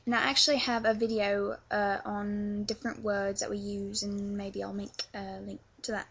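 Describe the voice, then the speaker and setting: A woman's voice: mid-range voice, little pitch movement, normal speed, gravelly, a bit bright, breathy edge, lo-fi sound. A young woman from England with a London accent, chatting her way through a casual tutorial with lots of filler words. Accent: London English. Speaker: vlogger teaching accents.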